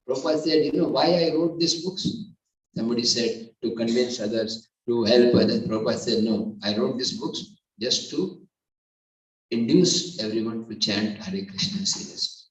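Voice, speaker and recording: A man giving an earnest devotional lecture, rising to emphatic loud peaks. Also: medium pitch, far from the mic. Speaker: preacher. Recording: echoey hall, voice from off-mic.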